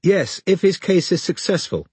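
A young female investigator speaks in measured, polite tones, keeping her cover, as a man reading aloud puts her on. The voice sits somewhat above the reader's natural pitch with a husky texture. It is recorded close and dry. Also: lively intonation, a little mellow, no room sound, exaggerated voice. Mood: cautious. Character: young woman detective posing as a lawyer.

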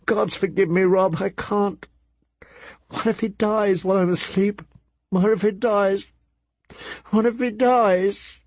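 A man's voice: steady tone, slow pace, long pauses, a little mellow, dry recording, heavily acted. A man voicing a frantic grieving mother. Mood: pleading. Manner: shrill pleading cries.

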